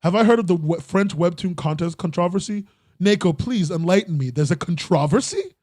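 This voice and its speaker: A man's voice: high-pitched, a little fast, a little mellow, dry recording, studio quality. A young man hosting a casual podcast chat, rambling and breaking off mid-sentence, often laughing at himself. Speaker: podcast host.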